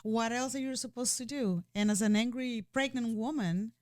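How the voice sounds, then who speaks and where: A woman's voice: on the high side, normal speed, darkish tone, dry recording, studio quality. Earnest, emotional woman sharing her story. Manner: emotional, earnest, with frequent restarts and "you know". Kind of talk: candid personal conversation.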